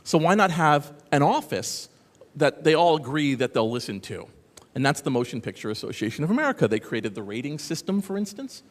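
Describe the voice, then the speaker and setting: A man speaks at a conference in a big reverberant hall, his pitch bouncing up and down as he talks. He is sarcastic and animated and keeps drifting into asides to the crowd. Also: brisk. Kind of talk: lively conference talk. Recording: echoey hall.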